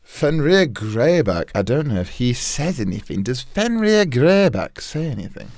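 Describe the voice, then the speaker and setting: A man's voice: medium pitch, big pitch swings, normal speed, vocal fry, darkish tone. A man chatting casually between impressions, self-deprecating, his voice sounding strained. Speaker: comedy youtuber.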